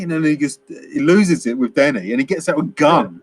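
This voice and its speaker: A man's voice: on the high side, lively intonation, a little fast, slightly rough. A man co-hosting a casual film review chat, rambling and laughing as he acts out quotes. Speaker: podcast co-host.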